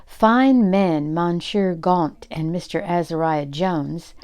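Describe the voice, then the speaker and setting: Proper, soft-spoken storybook butler, low and unhurried, read by an older woman. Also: smooth. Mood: polite. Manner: calm, formal, soft-spoken. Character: proper, polite English butler man.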